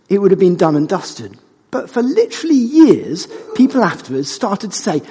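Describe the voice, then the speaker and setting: A husky-voiced man preaching to his congregation, his tone high and swinging widely as he jokes and teases. His voice rings out with a long reverb through a church hall. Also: moderate pace. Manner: animated and conversational, jokes with the congregation. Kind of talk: sermon.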